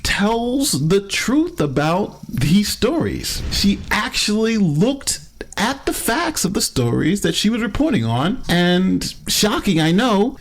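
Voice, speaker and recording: A man delivering scripted video commentary in an emphatic, sarcastic way. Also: sits high. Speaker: commentary youtuber.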